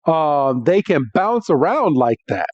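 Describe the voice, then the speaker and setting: A man doing a calm young cartoon guy explaining things matter-of-factly, in a slow, lively-pitched voice. Dull, dry recording. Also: dry recording, heavily acted.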